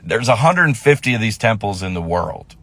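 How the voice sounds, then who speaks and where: A male comedian telling a story to camera, rambling and breaking off into quick asides. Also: on the low side, big pitch swings, a bit bright, no echo.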